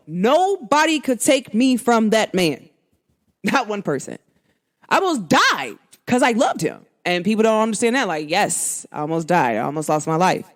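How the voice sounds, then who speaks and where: A woman's voice: a little high, moderate pace. A woman hosting a podcast, talking frankly to her listeners in casual slang and acting out bits of remembered dialogue. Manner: expressive, frank, slangy, acts out quoted dialogue. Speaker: podcast host. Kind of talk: candid monologue to listeners.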